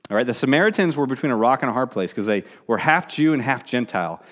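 Middle-aged male pastor, conversational sermon delivery, restarts and fillers, mid-pitched. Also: expressive, quick pace, few pauses.

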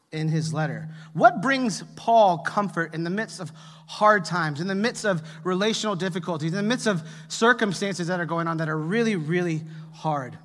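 Joking pastor preaching in a hall. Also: male voice, sits high. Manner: humorous storytelling, asks the congregation for replies. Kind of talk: sermon. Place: church hall with long reverb. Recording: echoey church hall.

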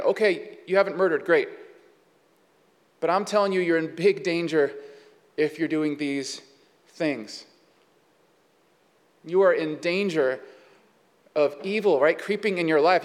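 High-voiced pastor preaching in a hall. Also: male voice. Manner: conversational, with many fillers and asides. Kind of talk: sermon.

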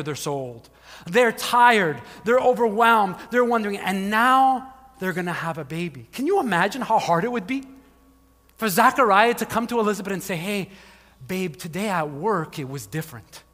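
A male pastor preaching a sermon, telling the story with animated asides and acted-out voices, often saying "like". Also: high voice. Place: church hall. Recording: long hall reverb.

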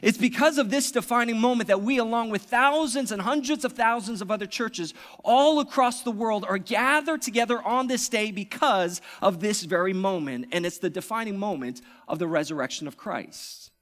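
A man preaching a sermon as pastor, swinging from loud, excited passages to hushed, reverent ones. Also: sits high, normal speed, hardly any pauses.

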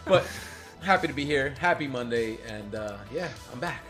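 A man chatting casually on a group show, excitable, laughing and swearing. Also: medium pitch, normal speed, faint music behind. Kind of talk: casual chat.

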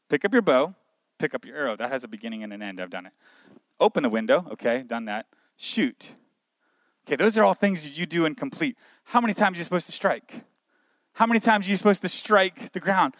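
Fervent high-voiced male preacher. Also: fairly bright tone, dry recording. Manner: fervent preaching, repetitive exhortation. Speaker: pastor. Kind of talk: sermon.

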